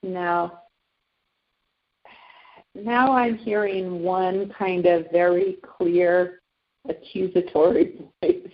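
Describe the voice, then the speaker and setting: A woman's voice: lowish voice, steady tone, drawn-out words, long pauses. A woman taking part as a client in a tapping session, thoughtfully describing her feelings and repeating the phrases back. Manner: reflective, laughs lightly, repeats phrases back. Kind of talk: candid conversation. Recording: dull, lo-fi sound.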